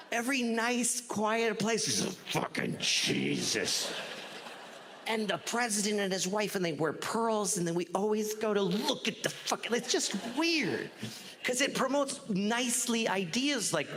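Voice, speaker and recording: Profane stand-up comic in an echoey hall. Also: male voice, sits high, a bit bright, slight background noise. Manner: conversational, profane, rising to incredulous rants. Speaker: stand-up comedian. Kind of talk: stand-up comedy set. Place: comedy stage before audience. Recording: live stand-up in reverberant hall.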